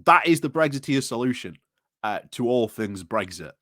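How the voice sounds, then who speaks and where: A man's voice: mid-range voice, expressive, normal speed, fairly bright tone, dry recording, studio quality. A man giving opinionated video commentary in a sarcastic, rambling way, chuckling at his own points. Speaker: political commentator.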